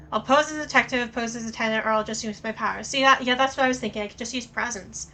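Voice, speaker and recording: A woman streaming a story game, reading its text aloud and thinking out loud in a casual way, with plenty of swearing. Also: a little high, fast, few pauses, slight background noise, poor audio.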